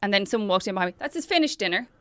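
An Irish woman from Ireland telling an animated anecdote in casual chat, quoting people as she goes. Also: mid-range voice, racing, dry recording, studio quality. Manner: breathless, animated storytelling with quoted voices.

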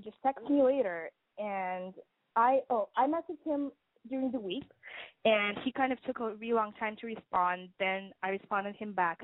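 A woman's voice: mid-range voice, dry recording. A woman in her twenties calling in to a radio show, telling a rambling story full of "like"s. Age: 20s. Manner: rambling, chatty storytelling with many "like"s. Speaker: caller. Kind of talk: call-in story. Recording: dry, tinny phone line.

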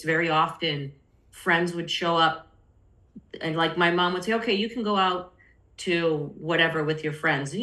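A middle-aged woman speaks candidly as a podcast guest and tells her personal story. She often slips into the voices of people she quotes. Her voice sits a little low but sounds bright, and the recording carries a roomy echo.

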